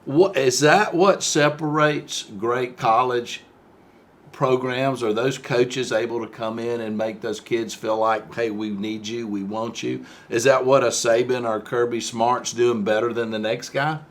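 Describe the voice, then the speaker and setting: A man's voice: medium pitch, fairly even intonation, a little slow. A man hosting a casual interview, asking eager follow-up questions and laughing along. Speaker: podcast host.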